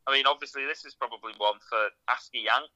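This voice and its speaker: A man's voice: mid-range voice, fast talker, bright, forceful tone, low-quality recording. A man co-hosting a casual podcast, talking hesitantly and saying "like" often. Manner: hesitant, heavy use of "like". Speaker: podcast co-host. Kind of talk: casual chat.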